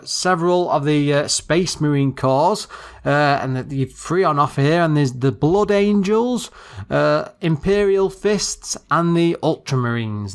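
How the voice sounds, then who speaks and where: Halting higher-voiced man reviewing games. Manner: halting, searching for words with many restarts. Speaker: podcast co-host. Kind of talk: casual retro game review.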